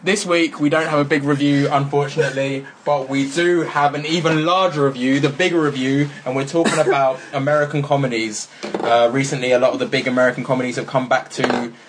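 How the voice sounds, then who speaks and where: A man's voice: medium pitch, steady tone, fairly quick, a little hiss or hum. A British man co-hosting a podcast in casual chat, rambling and cutting himself off as he tells jokes. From Britain. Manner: rambling, self-interrupting storyteller. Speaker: podcast co-host.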